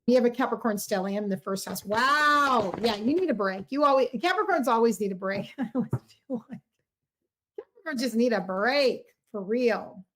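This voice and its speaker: A middle-aged woman hosts a casual tarot livestream, her voice sitting a touch high. She talks to her viewers directly, warm and effusive, piling on encouragement as she reads the cards. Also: animated, normal speed.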